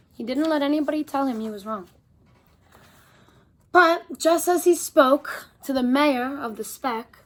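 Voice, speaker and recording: A woman reading a picture book aloud to children, animated, and stopping to talk to her young listeners. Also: high-pitched. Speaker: storyteller.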